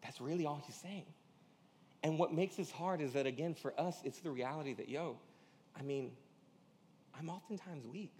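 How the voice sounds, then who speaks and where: A man's voice: on the high side, normal speed, long pauses, darkish tone. A man preaching a sermon as pastor, in a casual slangy way, often acting out quoted dialogue. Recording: church hall reverb.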